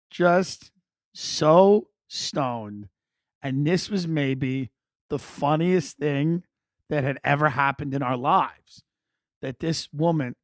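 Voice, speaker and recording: A middle-aged man hosting a comedy podcast, telling a story in a profane, animated, exaggerating way. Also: on the high side, no room sound, clean studio sound. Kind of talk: comic storytelling.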